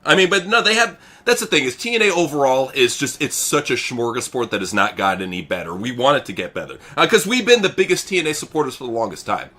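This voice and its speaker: A man's voice: medium pitch, fast talker, hardly any pauses. A man co-hosting a live wrestling reaction, ranting casually and swearing often. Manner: animated, profane, ranting. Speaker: co-host.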